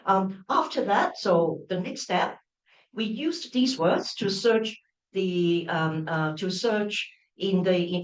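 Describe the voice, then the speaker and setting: A middle-aged woman lectures at an unhurried pace, often restarting phrases and tagging on "right?" to check in with her audience. Her voice sits at an ordinary pitch, and the lecture room gives it a roomy echo. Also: far from the mic. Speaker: university professor giving a lecture. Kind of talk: open-day lecture.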